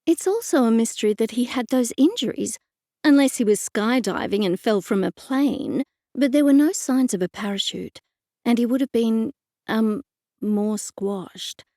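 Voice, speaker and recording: A woman's voice: a little high, moderate pace, warm tone, dry recording. A woman narrating a first-person mystery audiobook with a wry, dry storytelling manner.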